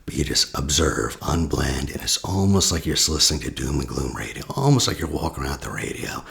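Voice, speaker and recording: A man, a therapist, talking a listener through a guided meditation in a slow, soft voice that often drops to a near whisper. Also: extremely low pitch, very animated, gravelly. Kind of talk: guided meditation with teaching asides.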